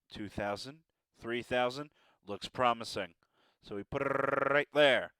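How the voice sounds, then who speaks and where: A man's voice: mid-range voice, a little slow, sharp tone, clean tone, no echo. A man teaching a math lesson, encouraging and playful with joking asides.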